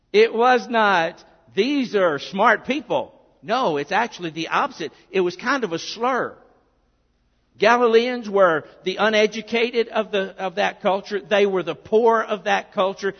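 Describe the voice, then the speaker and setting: An Arkansas pastor, a man with a high, gravelly voice, delivers an earnest, conversational sermon sprinkled with asides. Dull and muffled, the recording lets a long church-hall reverb linger after his words.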